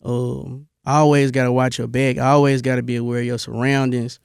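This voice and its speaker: A young man from Memphis, telling his army stories in a relaxed interview, with a lot of "bro" and many restarts. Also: mid-range voice, fairly quick, gravelly, smooth, dry recording, clean studio sound. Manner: laid-back storytelling, lots of "bro" and restarts. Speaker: interview guest, army veteran. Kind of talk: casual interview.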